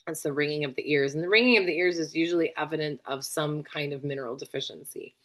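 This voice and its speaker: Woman teacher, lowish voice, chatty and tired, explains things casually. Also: fast. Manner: chatty, lots of fillers and asides. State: tired, yawning. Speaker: functional medicine practitioner.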